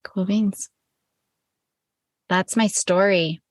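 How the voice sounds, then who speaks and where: A woman's voice: medium pitch, fairly even intonation, extremely slow, no echo, clean studio sound. A middle-aged woman co-hosting a family podcast, telling stories in a rambling, self-correcting way. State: recovering from illness. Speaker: podcast co-host. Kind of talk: casual chat.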